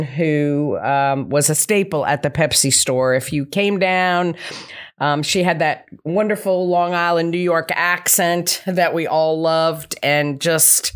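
Chatty woman hosting a local talk show. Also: low-pitched. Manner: rambling and upbeat, with many ums and asides. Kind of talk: casual chatty monologue.

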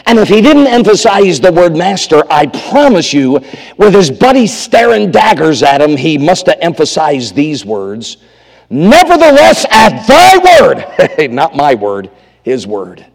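A man preaching a revival sermon in a dramatic style, dropping from loud bursts to hushed tones as he acts out the scripture. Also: on the high side, expressive, unhurried, creaky, in a large hall.

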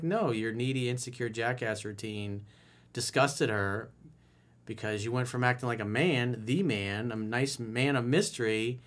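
A man's voice: mid-range voice, a bit bright. A man as a dating coach giving blunt, profane advice in a podcast monologue, roasting the listener.

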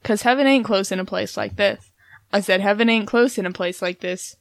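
A young woman co-hosts a casual podcast, offering matter-of-fact readings of song lyrics with a teasing edge. Her voice is mid-pitched and recorded dry and close, with no room sound. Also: fairly quick, gravelly, dry recording. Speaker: podcast co-host.

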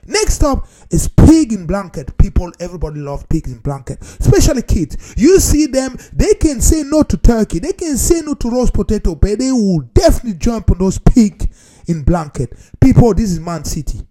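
A man talking casually to his viewers in a playful, animated way, often repeating phrases for emphasis and calling his audience "people". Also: high-pitched, normal speed. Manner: non-standard grammar, repeats phrases for emphasis. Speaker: vlogger. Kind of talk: casual talk to camera.

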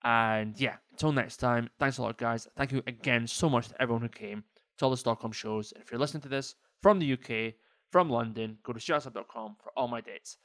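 A man's voice: medium pitch, a little fast, fairly bright tone, dry recording. A man who is a stand-up comedian and hosts a podcast, chatting alone in a rambling, self-deprecating way with many fillers. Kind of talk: casual solo podcast monologue. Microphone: podcast mic.

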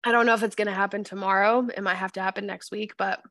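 A woman co-hosting a casual podcast chat, an animated storyteller who acts out the voices of the people in her stories. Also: medium pitch, fast, dry recording, studio quality. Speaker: podcast co-host.

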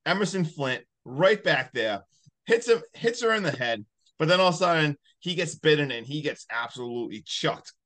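Excitable man recapping a movie. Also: on the high side, normal speed. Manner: excitable storyteller, acts out scenes. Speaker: podcast co-host. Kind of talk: casual movie recap chat.

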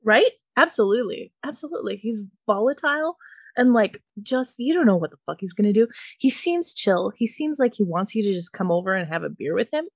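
A woman's voice: fairly high pitch, dry recording. Swearing, laughing woman telling a story. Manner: animated, laughing, swears freely, acts out quotes. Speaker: podcast host. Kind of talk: casual storytelling chat.

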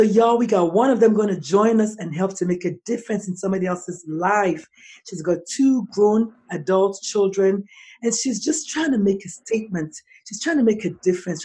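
A woman hosting a podcast, speaking with warm emphasis and plenty of repetition. She piles up phrases to drive her point home. Her pitch sits in the usual middle range. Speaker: podcast host, pediatrician.

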